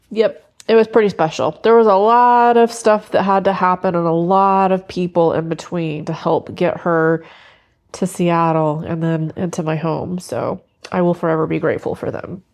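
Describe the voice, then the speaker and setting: A woman's voice: on the low side, creaky. A woman in her fifties from the Pacific Northwest, chatting casually in her vlog about food, her dog and giving to animal rescue. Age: 50s. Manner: chatty, reflective, tearful at times, baby-talks to her dog. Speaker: lifestyle vlogger. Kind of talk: casual vlog talk to camera.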